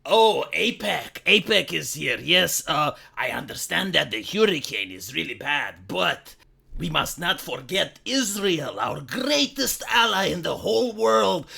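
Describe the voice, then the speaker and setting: Parody: pandering woman politician , put on by a man, slow and deliberate, bright tone. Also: a little high, big pitch swings, vocal fry, slightly rough, voice pushed down, full character voice. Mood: pompous. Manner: slow, halting, exaggerated foreign-accent pandering. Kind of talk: sarcastic parody impression.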